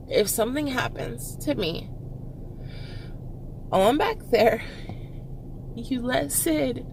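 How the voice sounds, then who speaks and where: A young woman from Texas, a vlogger, telling a personal story with halting fillers and nervous laughs, close to tears. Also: high-pitched, gravelly, a little hiss or hum. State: tearful, close to crying.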